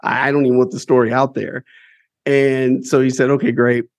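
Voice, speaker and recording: A man's voice: medium pitch, flat delivery, fairly quick, dry recording. Candid, emphatic man telling his story. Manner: emphatic, candid, swears freely, repeats words as he builds a story. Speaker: CEO of a publishing company, guest. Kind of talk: casual storytelling interview.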